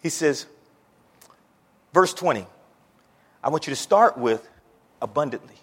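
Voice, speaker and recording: A man preaching a sermon, moving from quiet scripture reading to loud, excited preaching, with folksy stories and repeated words. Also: fairly high pitch, a little slow, breathy edge, in a large hall. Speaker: pastor.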